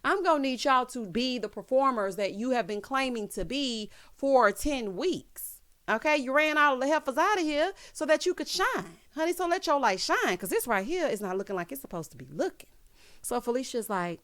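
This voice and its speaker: A woman giving a casual recap of a reality show, with sassy asides and loud bursts of laughter. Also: mid-range voice, expressive, moderate pace. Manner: reads out quotes in other voices.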